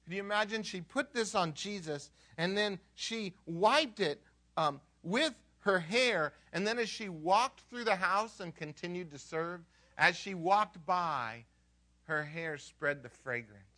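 Man, pastor, sermon, animated storyteller, questions to the audience, high voice. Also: a little slow. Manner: animated storytelling, acts out characters; conversational, asks the audience questions.

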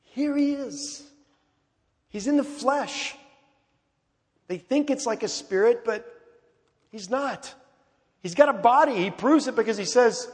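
High-voiced preacher in a reverberant church. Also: male voice, expressive, unhurried, long pauses. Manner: emphatic, swings from loud to hushed. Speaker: pastor. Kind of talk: sermon. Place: large church sanctuary. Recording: long reverb of a large church.

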